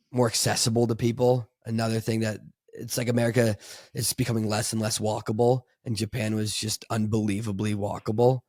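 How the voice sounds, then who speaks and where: A man's voice: on the low side, a little mellow, dry recording. Chatty rambling man, dry sound. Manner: rambling, laughing, full of fillers and restarts. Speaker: podcast co-host. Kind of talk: casual chat.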